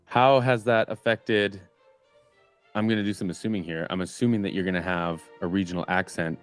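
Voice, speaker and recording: A man's voice: low-pitched, steady tone, a little fast, smooth, dry recording, soft background music. A man from Southern Alberta, interviewing in a laid-back, self-deprecating way. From Southern Alberta, Canada. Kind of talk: casual interview chat.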